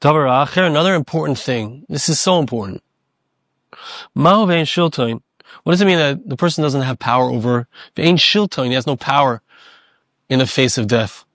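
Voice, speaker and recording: A man's voice: medium pitch, moderate pace, a bit bright, dry recording. A man giving an earnest Torah lecture, repeating phrases for emphasis and weaving in Hebrew terms. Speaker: Torah teacher.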